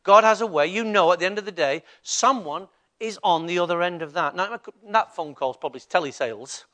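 An older man with a Mancunian accent, a pastor preaching a lively sermon and putting questions to the congregation in church. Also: high voice, fairly quick.

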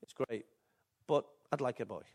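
A man's voice: mid-range voice, lively intonation, normal speed, a little mellow. An older man, preaching a sermon in a chatty, joking way with asides to the congregation. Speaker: pastor.

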